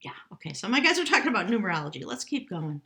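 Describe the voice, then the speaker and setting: A woman giving a spontaneous tarot reading, speaking gently and emotionally, now and then addressing her spirit guides. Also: medium pitch, sing-song, racing, gravelly. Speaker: tarot reader.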